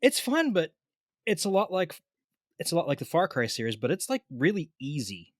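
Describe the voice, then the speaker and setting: A podcast co-host in his thirties, his voice a little high and his pace moderate, tells a casual story as a relaxed storyteller, stumbling a bit and repeating words. The sound is dry and clean, studio quality.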